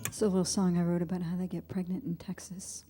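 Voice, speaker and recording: A woman's voice: on the low side, level tone, fast, dark tone, husky. A middle-aged woman from New England, a singer-songwriter telling a wry, dry-humored story between songs on a performance stage. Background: guitar music.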